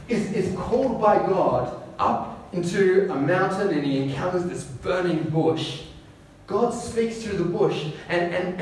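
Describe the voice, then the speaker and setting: A man's voice: high-pitched, a little hiss or hum. Man preaching in an echoey room. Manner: repeats words, drops to soft hushed tones for quoted lines. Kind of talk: sermon. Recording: echoey room with faint ambience.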